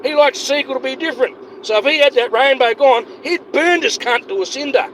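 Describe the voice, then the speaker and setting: A man delivers a heated, profane livestream rant, circling back over his points again and again. His voice sits high for a man. Faint hiss runs under him. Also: lively intonation, fairly quick, hardly any pauses, a bit bright. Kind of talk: ranting livestream monologue.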